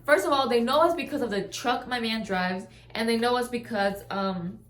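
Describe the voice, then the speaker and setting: Casual vlogger woman with a slightly high voice; rambling, chatty storyteller recorded at home, roomy sound. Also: normal speed. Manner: rambling, chatty, keeps checking in with listeners. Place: at home in a trailer. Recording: roomy echo.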